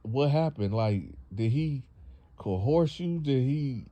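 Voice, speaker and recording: A man's voice: medium pitch, lively intonation, slow, dark tone, no echo, voice pushed up. A man voicing a stern, fed-up mother who scolds bluntly and repeats herself. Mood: distraught.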